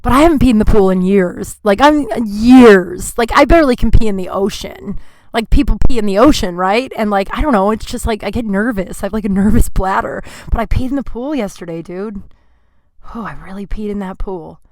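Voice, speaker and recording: A podcast host tells a story in a casual, grumpy monologue, complaining and leaning heavily on "like" as a filler. Her voice is medium-pitched and a little mellow, her pace brisk, and there's no echo.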